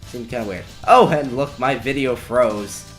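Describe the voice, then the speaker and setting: Video game music accompanies a young commentator's rambling, wry take on his playthrough, peppered with sarcastic asides. His medium-pitched voice is a bit bright and keeps a moderate pace.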